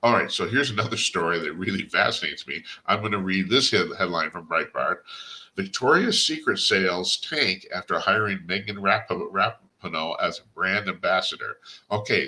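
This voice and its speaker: Blunt older man, bright-voiced radio host. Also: low voice, lively intonation, moderate pace. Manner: blunt, chuckling, rambling with restarts. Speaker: radio talk-show host. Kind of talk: opinionated radio monologue.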